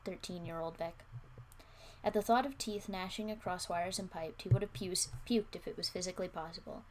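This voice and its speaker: A young woman with a slightly low voice reads her old story aloud, pausing for wry, self-mocking asides. A faint hiss sits under her voice. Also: a little mellow. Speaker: streamer. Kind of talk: reading aloud with casual asides.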